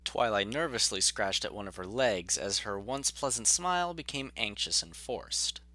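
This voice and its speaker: A man narrating a fan audio story in a measured, even way. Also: on the low side, no room sound.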